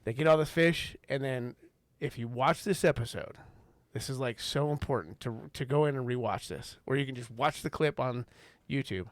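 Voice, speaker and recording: An earnest man co-hosting a faith recovery podcast, retelling scenes with animated warmth of feeling. His mid-pitched voice sits close to a dry mic with little room sound. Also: moderate pace, hardly any pauses, no room sound. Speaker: podcast co-host. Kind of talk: casual faith podcast conversation.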